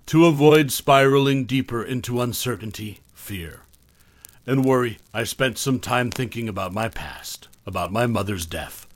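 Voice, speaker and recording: A man narrating a horror story in a measured, steady way. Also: medium pitch, no room sound.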